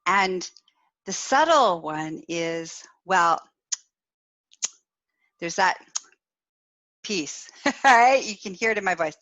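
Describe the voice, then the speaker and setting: A woman's voice: fairly low pitch, expressive, slow pace, pauses often, a bit bright, dry recording, lo-fi sound. A woman hosting a podcast as a sexual wellness coach, talking frankly and directly in a casual teaching style and laughing between points. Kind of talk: casual spoken teaching, live.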